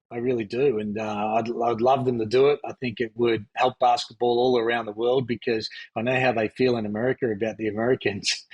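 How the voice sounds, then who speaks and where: A man's voice: mid-range voice, husky. A man in his fifties from Australia with an Australian accent, a former pro basketball player chatting easily as a podcast guest. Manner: easygoing, reminiscing, frequent fillers. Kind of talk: relaxed interview chat.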